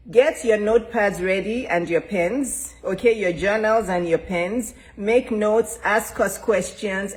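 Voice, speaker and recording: A woman's voice: medium pitch, poor audio. A woman hosting a live talk show from home, repeating her greetings and welcomes, with a cough drop in her mouth. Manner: warm and repetitive, greets and welcomes over and over. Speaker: host.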